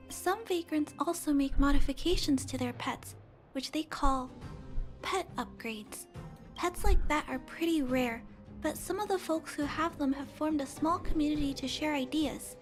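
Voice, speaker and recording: A woman voicing a kind young girl who fixes robots, speaking softly, earnestly and thoughtfully. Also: high-pitched. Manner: soft, earnest, thoughtful explaining.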